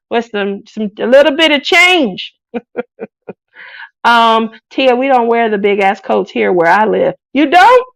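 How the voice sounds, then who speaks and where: A woman's voice: fairly high pitch, creaky, no echo. A woman, hosting a craft live stream in casual chat, playful and laughing often as she reads out comments. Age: 40s. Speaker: craft channel host.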